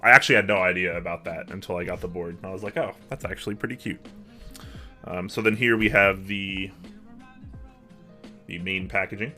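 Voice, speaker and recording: A man's voice: deep voice, a little fast, pauses often, pushed and bright, faint music behind. A young man hosting a casual livestream from his home office, chatting and answering viewer messages. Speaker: livestream host.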